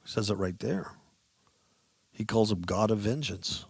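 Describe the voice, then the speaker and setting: A man with a very low, gravelly voice preaches with fervor, dropping to quiet asides and then rising to loud, drawn-out scripture readings. His tone is husky, and the recording is dry and close. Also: dry recording. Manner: impassioned, swings from low mutters to loud emphatic reading; repeats words and phrases for emphasis. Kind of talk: sermon.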